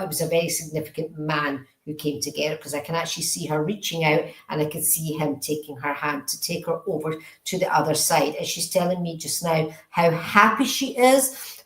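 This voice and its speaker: A woman's voice: lowish voice, roomy sound, low-quality recording. A woman, a medium giving live readings online. She relays spirit messages earnestly and keeps checking in with the sitter. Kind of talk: live-stream psychic reading.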